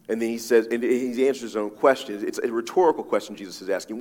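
A man's voice: medium pitch, moderate pace, darkish tone. A man preaching a sermon as a pastor, talking conversationally with frequent asides and repeated "right?" checks to his listeners. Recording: long reverb of a large hall.

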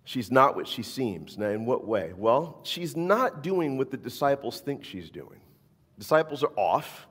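A man preaching a sermon and reading scripture, animated, often asking "right?" and repeating words. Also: fairly low pitch. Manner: animated, rising to near-shouts for emphasis. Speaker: pastor. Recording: long hall reverb.

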